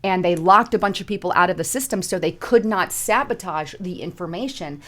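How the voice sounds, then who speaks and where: A woman with a fairly low-pitched voice hosts a casual political commentary show. She talks emphatically, piling up repeated words and pushing her voice up when she stresses something. She sounds middle-aged. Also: fairly quick, a bit bright.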